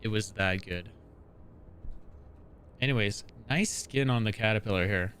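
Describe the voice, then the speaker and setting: A man hosting a live gaming stream, chatting casually and excitably, with strong opinions. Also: on the low side, measured pace, a little hiss or hum. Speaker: livestream host.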